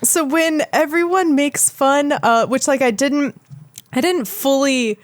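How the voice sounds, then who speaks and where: A woman's voice: high voice, slow, no room sound. A woman co-hosting a casual podcast chat, laughing and rambling as she keeps breaking off her own sentences. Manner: laughing, rambling, self-interrupting. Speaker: podcast co-host.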